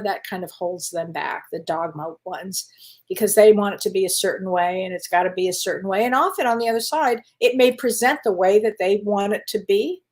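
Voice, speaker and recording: A middle-aged woman hosting a live psychic Q&A, talking in a chatty, reassuring way with fillers, restarts and frequent laughs. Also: mid-range voice. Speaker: psychic host answering viewer questions. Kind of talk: live-stream Q&A chat.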